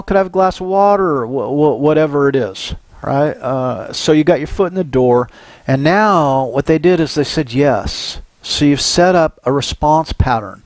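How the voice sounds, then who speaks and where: An older man from Southern California giving a psychology lecture, telling animated personal stories and often checking in with "right?". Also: fairly high pitch, dry recording. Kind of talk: recorded university lecture.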